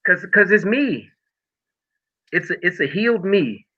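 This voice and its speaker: Middle-aged man, fairly high voice, emotional testimony, tinny phone-like sound. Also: animated, a little slow, sharp tone. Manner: emotional, preacher-like storytelling. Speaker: podcast guest. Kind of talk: personal testimony in conversation.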